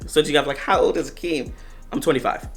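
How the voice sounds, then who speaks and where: A man in his twenties telling a story to the camera in a casual, slangy, animated way, often talking straight to his viewers. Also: fairly high pitch, fast talker, faint music behind. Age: 20s. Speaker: storytelling vlogger.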